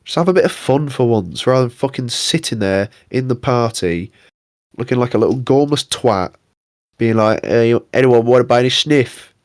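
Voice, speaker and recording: A man's voice: medium pitch, expressive, normal speed, darkish tone, dry recording, studio quality. Sweary young man ranting. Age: young adult. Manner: sweary, exasperated ranting with mock impressions. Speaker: podcast co-host. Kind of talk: casual ranting chat.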